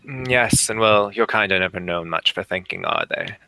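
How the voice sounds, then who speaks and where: A man voicing a sly nobleman who speaks with smooth, predatory politeness. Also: lowish voice, normal speed, sharp tone, dry recording. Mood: condescending.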